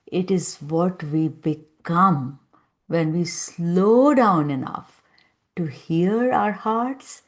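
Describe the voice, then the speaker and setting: A woman hosting a podcast interview, speaking in a calm, affirming way with soft spiritual phrasing. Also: on the low side, very slow. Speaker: podcast host. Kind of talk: slow, gentle interview talk.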